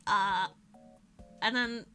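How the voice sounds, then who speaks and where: A woman's voice: medium pitch, fairly even intonation, very slow, pushed and bright, smooth, faint music behind. A young woman streamer chatting casually, rambling and self-mocking with frequent laughs. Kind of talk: casual chat.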